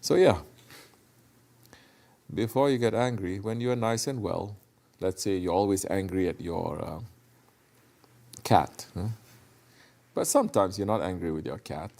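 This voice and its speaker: Low gravelly man giving a Sufi talk. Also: a little slow, pauses often, darkish tone. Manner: conversational, asks listeners questions, searches for words. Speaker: Sufi teacher. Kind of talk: sermon.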